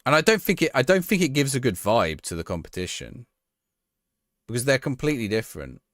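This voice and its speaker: A man's voice: medium pitch, very animated, fairly quick, a bit bright, no echo, clean studio sound. A man streaming a football management game live, reacting to the action and chatting with his viewers.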